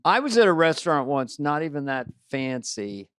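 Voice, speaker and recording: Smooth-voiced middle-aged man, dry deadpan delivery. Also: fairly high pitch, normal speed, no room sound. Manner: deadpan, understated anecdotes from the road. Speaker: co-host. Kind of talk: casual comedic storytelling.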